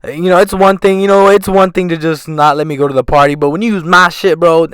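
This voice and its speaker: A man's voice: a little high, fast talker, clear, resonant tone, no room sound. A young man casually telling a storytime tale, rambling and swearing a lot. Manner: profane, rambling, animated retelling. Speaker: storytime vlogger.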